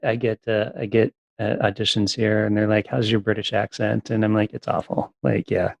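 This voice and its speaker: A man's voice: fairly low pitch, flat delivery, brisk, creaky, darkish tone, no echo. A man hosting an interview, giving brief affirmations and asking short direct questions. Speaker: podcast host.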